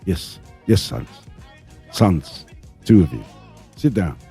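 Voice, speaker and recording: A man playing a solemn dad addressing his two boys, his voice dropped well below its usual pitch. He speaks slowly and gravely, drawing out each phrase, with a husky edge. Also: very animated, dark tone, soft background music, full character voice. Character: solemn father lecturing his two sons.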